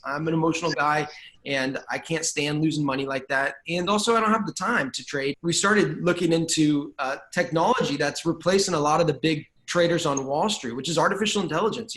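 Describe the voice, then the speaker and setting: A man with a slightly raised speaking pitch tells stories in a relaxed interview. He talks casually and acts out his own past reactions as he goes. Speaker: guest, trading bot founder.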